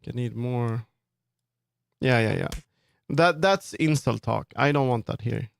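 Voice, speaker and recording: A man's voice: medium pitch, a little slow, vocal fry, smooth. A man streaming live, answering his viewers' chat while he works on 3D models, firm and earnest when he sets limits. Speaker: livestreamer and 3D model customizer. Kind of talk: casual livestream chat, answering chat.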